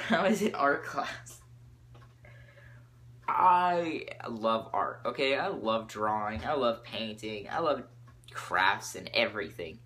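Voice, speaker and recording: Teen male podcaster, excitable rambler, mid pitch. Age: teens. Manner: excitable, jumps topics, lots of fillers. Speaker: podcast host.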